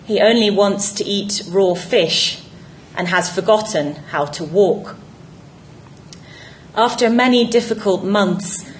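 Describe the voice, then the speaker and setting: Slow, measured woman narrator. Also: mid-range voice, slight background noise, rough recording. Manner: measured, reflective reading. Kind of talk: scripted essay narration.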